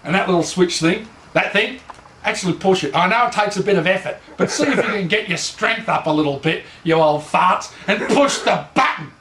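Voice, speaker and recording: Sarcastic Australian man, high voice. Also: brisk, pushed and bright, echoey room, a little hiss or hum. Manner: sarcastic, mocking, lecturing. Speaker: mock instructor. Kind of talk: satirical comedy lecture.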